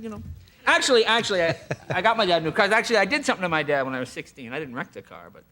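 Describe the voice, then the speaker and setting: A high-voiced man in his late thirties tells stories on a talk show at a rapid clip, his pitch leaping about as he acts out everyone in them. The studio audio carries a noticeable hiss. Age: late 30s. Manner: animated, acts out quoted voices, quick and excitable. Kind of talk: comic storytelling on a talk show. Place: TV studio with a live audience.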